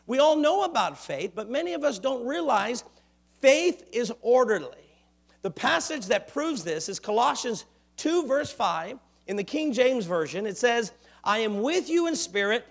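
High-voiced man preaching animatedly. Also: a little slow, vocal fry. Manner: animated preaching, builds to loud exclamations. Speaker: pastor. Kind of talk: sermon. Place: church sanctuary.

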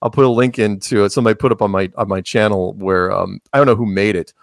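A man's voice: fairly low pitch, steady tone, fast talker, vocal fry, dry recording, studio quality. A man talking casually as a podcast guest, rambling with many restarts and sarcastic asides. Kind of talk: casual conversational interview.

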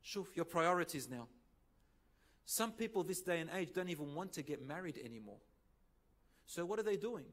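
Animated man preaching with storytelling. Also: fairly high pitch, normal speed, long pauses. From Lebanon. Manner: animated, acts out quoted dialogue with sudden loud rises; mixes Arabic phrases into English. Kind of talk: sermon with storytelling.

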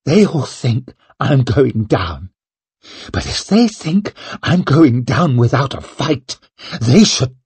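A man's voice: medium pitch, very animated, slow pace, a little mellow, breathy edge, no echo, heavily acted. A man voicing an ambitious, bitter young noblewoman in an audiobook, wry and defiant with a coarse tongue.

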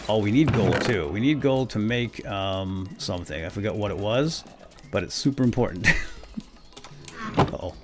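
A man hosting a let's play, excitable and swinging between loud outbursts and hushed whispers as he narrates his game. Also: fairly low pitch, normal speed, very noisy. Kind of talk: gameplay commentary.

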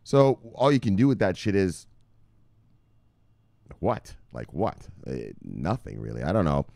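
A rowdy, foul-mouthed man riffs through his cryptocurrency vlog in loose street slang. His pitch swings wildly from low mutters to high yelps. The recording is dry, with no room sound. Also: wildly swooping pitch, a little slow, gravelly, dark tone, no room sound. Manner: boisterous and profane, street slang. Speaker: crypto news vlogger. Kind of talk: casual profane commentary.

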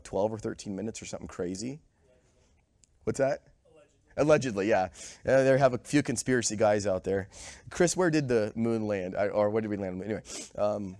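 A pastor with a lowish, darkish voice and no echo gives a conversational sermon in a church sanctuary. He has a cold, is sometimes short of breath, and quizzes the congregation with audience questions.

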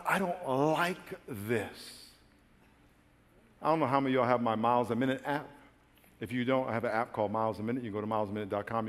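A man pastor telling a funny personal story in a sermon, acting out his own frantic lines with bursts of shouting and laughter. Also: mid-range voice, big-room sound. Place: large church auditorium.

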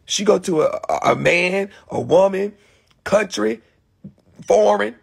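A man's voice: sits high, takes it slowly, vocal fry, husky. A man with a cold, hosting a casual livestream from his guest room at home and ranting in a brash, profane way. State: has a cold. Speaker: livestream host. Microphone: phone livestream.

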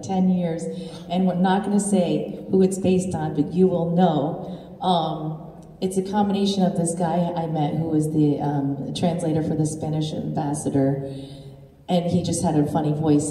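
A woman's voice: low-pitched, mellow. A woman voice actor chatting hesitantly and with amusement on a convention panel. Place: large convention hall. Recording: echoey convention hall from far off.

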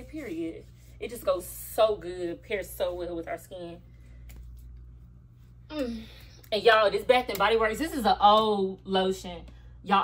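Young female vlogger with a slightly high voice, chatty and full of slang, in a get-ready-with-me chat. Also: a bit bright. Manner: chatty, slangy, talks straight to viewers as y'all.

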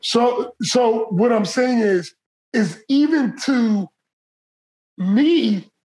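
A podcast co-host in casual chat, talking in an animated way with many restarts. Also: mid-range voice, very slow, poor audio.

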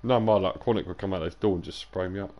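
A tired young man with a low-pitched, warm voice chats quickly to his viewers during a live game stream, with loose, sweary banter that drifts into sing-song and whispers.

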